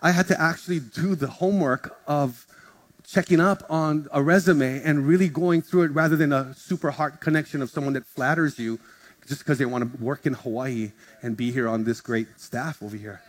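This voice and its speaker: A man's voice: fairly high pitch, normal speed. A male pastor preaching a sermon, telling stories in a casual, joking way and acting out conversations in different voices. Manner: animated, acts out dialogue in shifting voices. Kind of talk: sermon storytelling. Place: church service in front of a congregation. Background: guitar music from the worship team.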